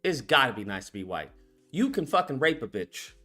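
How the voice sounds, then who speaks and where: Man, stream host, bright forceful voice, lively swings, profane rants, faint music behind. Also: medium pitch, a little fast. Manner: animated, profane, with sudden shouted outbursts. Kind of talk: live stream reaction commentary.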